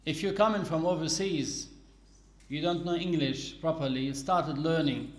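A man's voice: on the high side, normal speed, echoey room. A man giving a religious lesson, explaining rules patiently and repeating key points. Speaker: Islamic teacher.

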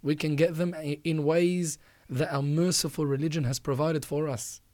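A man's voice: a little high, steady tone, moderate pace, darkish tone, dry recording. A man hosting a religious advice talk, earnestly urging listeners and repeating phrases for emphasis. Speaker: podcast host.

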